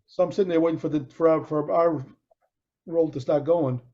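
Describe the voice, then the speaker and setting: A middle-aged man with a warm, mellow voice pitched a little high tells a long anecdote in an easygoing podcast chat. He acts out the people in his story as he goes. The recording is dull and lo-fi. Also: brisk. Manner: animated storyteller acting out quoted voices, with frequent restarts. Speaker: podcast co-host.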